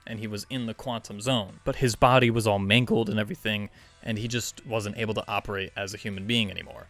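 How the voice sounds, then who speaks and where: A man's voice: on the low side, fairly bright tone. Male video reviewer, casual and sarcastic, loose and rambling, faint background music. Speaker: movie reviewer.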